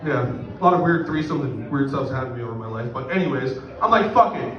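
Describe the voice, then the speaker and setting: A man's voice: medium pitch, lively intonation, fast. A middle-aged man from Canada telling a profane, rambling, self-mocking story in a stand-up set. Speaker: stand-up comedian. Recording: echoey distant room mic, muffled.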